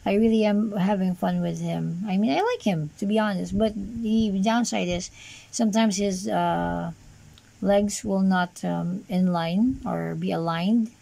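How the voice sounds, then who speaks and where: A woman's voice: mid-range voice, measured pace, vocal fry, warm tone, low-quality recording. A woman casually reviewing an action figure on camera, rambling with lots of fillers and dry sarcastic asides. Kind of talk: casual unscripted toy review.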